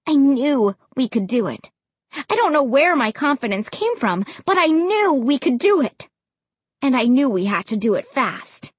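A woman reads a creepy tale with theatrical flair. Her voice sits high and slightly breathy, leaping up and down in pitch as the tension rises. The sound is close and dry. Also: very animated, unhurried, no echo. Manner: dramatic, voices characters with big pitch jumps. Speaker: audiobook narrator. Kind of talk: expressive audiobook narration.

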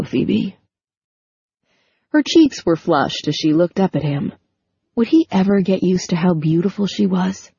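A woman narrating a novel in a measured storytelling manner. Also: on the low side, warm tone, breathy edge, dry recording. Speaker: audiobook narrator. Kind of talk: scripted narration. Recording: dull lo-fi sound.

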